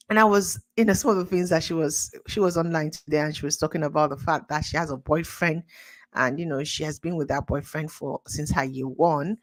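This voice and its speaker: Nigerian woman, lowish voice, indignant casual commentary, quick exclamations. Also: steady tone. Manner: indignant, exclaiming, laughs often. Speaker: commentary channel host.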